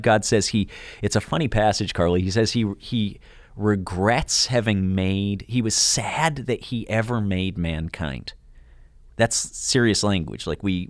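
A man with a lowish voice co-hosts a podcast and walks his listener through a subject in an earnest, teaching manner. He drops in wry little asides. The sound is dry and close, with no room echo. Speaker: co-host.

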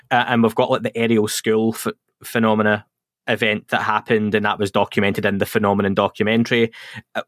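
A man with a Scottish accent hosting a podcast interview, asking measured questions with hesitant fillers. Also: on the low side, no room sound, clean studio sound. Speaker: podcast host.

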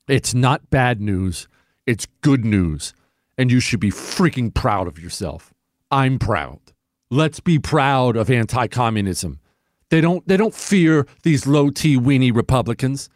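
A man hosts his own political radio show, driving a fiery monologue with plenty of emphasis. He slips now and then into mocking voices. His voice sits a little high for a man and is recorded close and dry in the studio. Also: dry recording. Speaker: radio talk show host.

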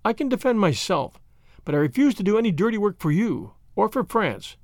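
A man reading aloud, voicing a proud, spirited young noblewoman with raised pitch and lofty scorn. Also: sing-song, brisk, no room sound, clean studio sound. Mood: disdainful.

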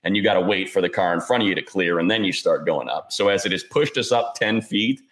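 A man's voice: deep voice, quick pace, rough recording. A middle-aged man co-hosting a podcast, telling a story in casual chat. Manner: animated anecdote-teller, acts out quotes. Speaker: podcast co-host.

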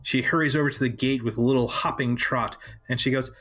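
A man's voice: mid-range voice, fairly even intonation, brisk, few pauses, bright, forceful tone, faint music behind. Casual man narrating a tabletop game. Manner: casual, many fillers. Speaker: game master.

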